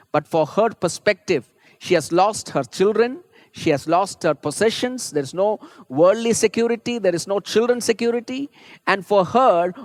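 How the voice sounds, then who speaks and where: A man's voice: sits high, darkish tone, no echo. A man preaching a sermon as a pastor, earnest and rising to fervent emphasis. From India.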